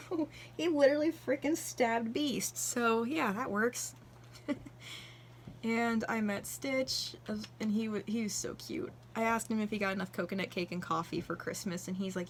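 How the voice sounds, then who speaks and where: A woman's voice: a little high, steady tone, moderate pace, slight background noise. A young woman vlogging casually as she flips through her journal, gushing and chatty, acting out bits of dialogue.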